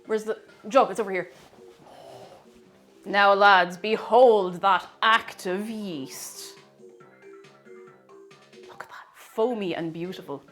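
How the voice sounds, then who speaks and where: A woman's voice: medium pitch, slow, long pauses, a bit bright, soft background music. A woman streaming herself baking, chatting casually and greeting viewers by name. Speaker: baking livestreamer. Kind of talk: casual chat while baking.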